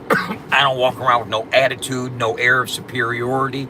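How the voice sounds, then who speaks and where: A man talks casually to his livestream audience, bragging about how funny he is and cussing freely. His delivery is loose and drawling, full of repeated filler phrases, and his voice sits in a middle pitch. Clear vehicle and ambient noise runs behind him. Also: little pitch movement, moderate pace. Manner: boastful, profane, joking banter with chat; drawling, repeats "you know what I'm saying". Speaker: livestream host.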